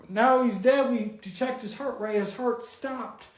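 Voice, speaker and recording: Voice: medium pitch, a little slow. A storyteller telling a long, twisted joke story, often giggling and stumbling over words. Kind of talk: rambling comic storytelling. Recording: roomy echo.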